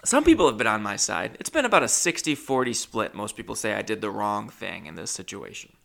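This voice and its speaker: A man's voice: on the low side, sing-song, fairly quick, gravelly. A young man hosting a podcast, telling a rambling, self-deprecating story in a casual monologue. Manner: rambling, self-deprecating, jumps between loud and muttered asides. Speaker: podcast host.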